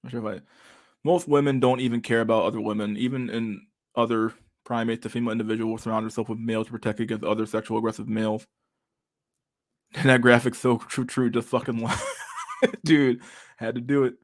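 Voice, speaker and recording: A man's voice: medium pitch, little pitch movement, a little fast. A man in casual chat, reading messages aloud, swearing a lot and laughing often.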